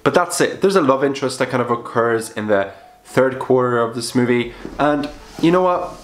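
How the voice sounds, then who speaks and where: A man's voice: expressive, moderate pace, slight background noise. A young man in a roomy, echoing space chats through his monthly film picks. His voice sits in a middle register but leaps up sharply when he stresses a point. He is blunt and casual, and he swears freely. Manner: chatty, with sudden upward pitch jumps for emphasis. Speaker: film vlogger. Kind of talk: casual film review vlog. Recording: roomy echo.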